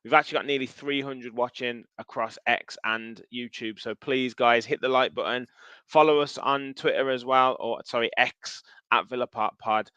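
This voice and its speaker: A man's voice: medium pitch, fairly even intonation, normal speed, sharp tone, smooth, dry recording. A man hosting a live football podcast, enthusiastic and repeating himself as he chats and reads viewer comments. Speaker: podcast host. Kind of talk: casual chat, reading viewer comments.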